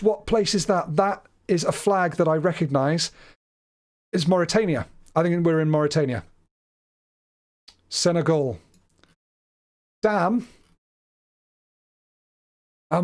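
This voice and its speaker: A man with a slightly high voice hosts a live stream and talks through a guessing game as he plays. His delivery is chatty and unscripted. He often stumbles and restarts his words while he works things out. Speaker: livestream host. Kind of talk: live game commentary, thinking aloud.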